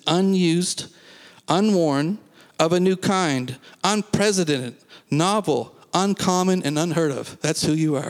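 A man's voice: fairly high pitch, big-room sound. A man preaching a sermon to a congregation, emphatic, repeating phrases and asking the listeners questions. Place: church.

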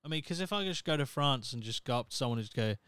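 A man in his thirties with a Norfolk English accent rambles through a solo podcast, swearing freely and poking fun at himself. His voice is smooth and clear at a middling pitch. The sound is close and dry. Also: lively intonation, very fast, pushed and bright, dry recording. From Norfolk, England. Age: 30s. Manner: rambling, profane, self-mocking. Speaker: podcast host. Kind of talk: casual solo podcast monologue.

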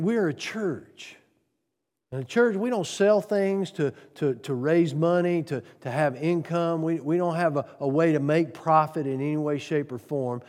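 A man preaching a sermon on giving, earnest, piling up rhetorical questions and swinging from loud to soft. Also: fairly high pitch, big-room sound. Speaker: pastor.

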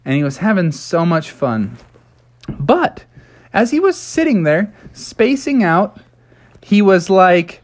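Woman, low voice, unhurried, playful storytelling for a child, lively pitch. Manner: playful, animated, slow.

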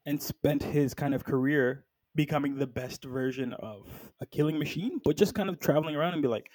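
Animated man discussing a film. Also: fairly high pitch, brisk, hardly any pauses, no echo. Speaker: podcast co-host.

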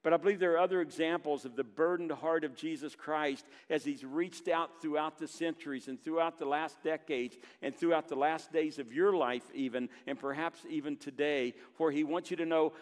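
A man's voice: a little high, steady tone. Earnest preaching man in a reverberant hall. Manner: earnest preaching, reading scripture aloud with pauses and emphasis. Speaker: pastor. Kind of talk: sermon. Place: church sanctuary.

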